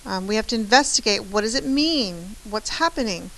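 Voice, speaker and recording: Bright-voiced woman teaching math. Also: medium pitch, lively intonation, moderate pace, gravelly, low-quality recording. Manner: chatty, encouraging, often asks "right?". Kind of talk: classroom lecture.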